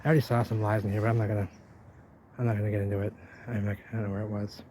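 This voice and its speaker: A man's voice: on the low side, flat delivery, racing, mellow, a little hiss or hum. A man narrating an exploring vlog outdoors, rambling to viewers while he walks and points things out. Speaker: vlogger. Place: outdoors by a river wall.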